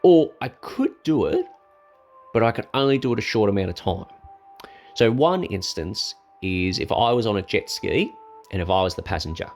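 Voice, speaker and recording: A man's voice: fairly low pitch, sing-song, normal speed, a little mellow, faint music behind. A young man, rambling through a casual personal story with many ums and restarts.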